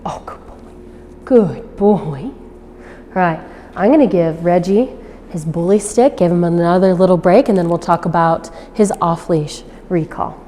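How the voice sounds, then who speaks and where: Woman dog trainer, mellow voice, patient teaching tone, some room reverb. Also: normal speed, slight background noise. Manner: explains patiently, then switches to high-pitched praise for the dog. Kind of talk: instructional demonstration. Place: outdoors.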